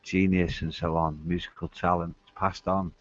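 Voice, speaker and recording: Deep-voiced man, low and trailing. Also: level tone, normal speed, dry recording, muffled recording. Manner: effusive, profane, trailing off quietly. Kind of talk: casual chat. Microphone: video call.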